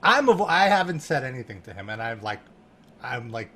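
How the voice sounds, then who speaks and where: A man guesting on a podcast, telling an animated story with laughter and lots of "like" fillers. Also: mid-range voice, fairly quick, breathy edge. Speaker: guest, music journalist.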